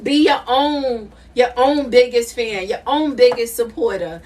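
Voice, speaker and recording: A woman's voice: fairly high pitch, unhurried, hardly any pauses, darkish tone, recorded from a distance, a little hiss or hum. A middle-aged woman doing a live tarot reading, emphatic and repetitive, laughing often. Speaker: intuitive tarot reader.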